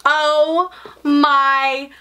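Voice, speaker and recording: Young woman unboxing stuff on her vlog, super excited and gushy, faint hiss behind. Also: sits high, drawn-out words. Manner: gushing, gasping, breathless excitement. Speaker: unboxing vlogger.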